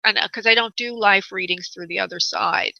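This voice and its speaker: Brief: bright, fairly high woman, radio medium host, dry muffled sound. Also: fairly even intonation, a little fast, creaky, dry recording. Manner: calls callers honey and sweetheart. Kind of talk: radio call-in readings.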